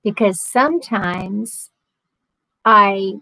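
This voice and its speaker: A woman's voice: medium pitch, very slow, pushed and bright, no echo, rough recording. A woman hosting a casual livestream, chatting and reading viewer comments aloud with a sarcastic, chatty manner. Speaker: livestream host.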